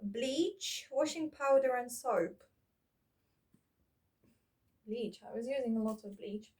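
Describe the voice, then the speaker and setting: A woman's voice: on the high side, slow, darkish tone. A woman chatting casually as she sorts through old keepsakes, rambling and thinking aloud with many fillers. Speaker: vlogger. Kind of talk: casual reminiscing while sorting keepsakes.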